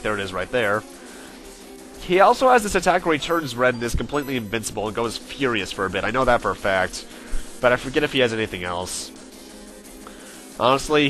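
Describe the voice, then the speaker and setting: A man gives relaxed let's play commentary over faint game music. His voice sits at an average pitch with a bright, forceful tone. He rambles chattily and catches his own slips. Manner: chatty and self-correcting, with frequent fillers. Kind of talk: casual gameplay commentary.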